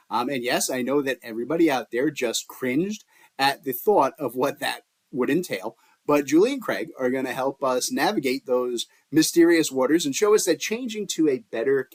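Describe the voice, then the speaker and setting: A man hosting a podcast in a jokey, playful way, laughing often as he chats with guests. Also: medium pitch. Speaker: podcast host. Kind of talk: casual podcast chat.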